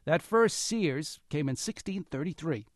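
A man's voice: a little high, a little slow, no echo. A man hosting a radio talk show, narrating a feature and then introducing guests in the studio. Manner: lively, animated delivery.

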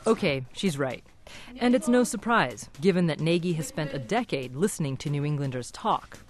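A woman reporting a radio feature, with a clear narrative delivery. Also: low-pitched, lively intonation, normal speed.

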